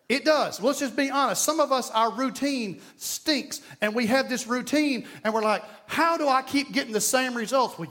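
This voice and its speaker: A male pastor with an East Texas accent, his voice pitched very high for a man. He preaches emphatically, repeating his key lines for effect and weaving in folksy jokes. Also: a bit bright. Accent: Southern US, East Texas. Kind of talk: sermon.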